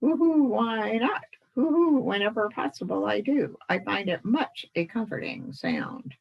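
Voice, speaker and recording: A woman's voice: mid-range voice, big pitch swings, unhurried, vocal fry, husky, highs cut off, voice pushed up, exaggerated voice. A woman voicing a small female screech owl who stutters hoots before her words. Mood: chatty.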